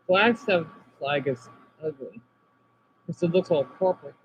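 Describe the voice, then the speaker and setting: A man from Arizona streaming casually, reading chat comments aloud and reacting, moving between subdued talk and excited outbursts. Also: a little high, a little slow, lo-fi sound, a little hiss or hum.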